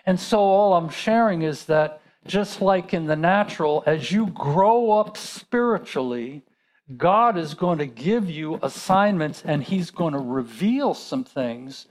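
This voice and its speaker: Male pastor, high voice, chatty sermon delivery with questions to the congregation. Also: lively intonation, unhurried. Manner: conversational preaching with rhetorical questions.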